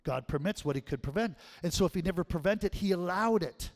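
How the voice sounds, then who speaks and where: A middle-aged man preaching a sermon as pastor, swinging from hushed tones to loud, emphatic calls. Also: high-pitched, lively intonation, fairly quick. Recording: long hall reverb.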